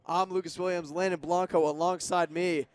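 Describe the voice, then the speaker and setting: A young man calling football play-by-play on college radio, brisk and detailed about formations and yardage. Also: sits high, level tone, no echo, studio quality. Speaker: play-by-play announcer. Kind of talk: radio sports commentary.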